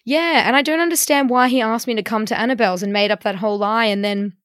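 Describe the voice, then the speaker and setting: A woman's voice: fairly high pitch, fast, a bit bright, smooth, no room sound. Woman, podcast co-host, dry self-mocking storyteller, close dead-sounding mic. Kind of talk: casual storytelling chat.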